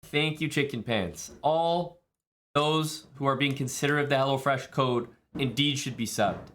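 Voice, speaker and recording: During a live stream, a man reads out viewer messages and thanks the people who sent them, staying laid-back and jokey in casual chat. He talks at normal speed in a mid-range, slightly bright voice.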